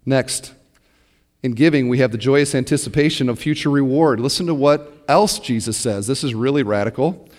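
A man preaching a sermon as pastor, swinging from lively emphasis down to soft, quiet asides and acting out quoted people. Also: mid-range voice, moderate pace, pauses often, long reverb tail.

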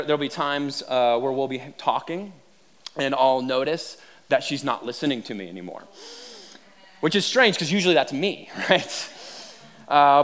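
Lively high-voiced male pastor. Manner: humorous storytelling, animated and self-deprecating. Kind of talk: sermon.

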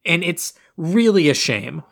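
A man casually recapping a movie plot on a podcast, animated, slipping into quick character voices. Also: a little high, vocal fry. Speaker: podcast co-host.

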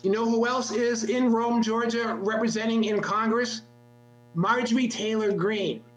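A man's voice: extremely high pitch, fairly even intonation, unhurried. A man telling rambling stories in casual comedic chat, often restarting his sentences. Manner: rambling storyteller with frequent restarts. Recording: echoey room with faint hum.

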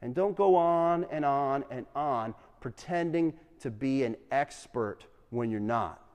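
Animated man teaching in an echoing hall. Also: mid-range voice, measured pace, clear, resonant tone. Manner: animated storyteller, asks the room questions. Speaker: speaker teaching a class. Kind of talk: lively classroom talk with questions to students. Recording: long reverb in a hall.

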